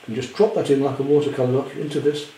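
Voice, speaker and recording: Man, art teacher, painting demo, mellow voice, echoey room, faint hum. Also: mid-range voice, steady tone, racing. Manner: chatty, gentle self-deprecating humour. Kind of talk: painting demonstration. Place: indoor studio at home.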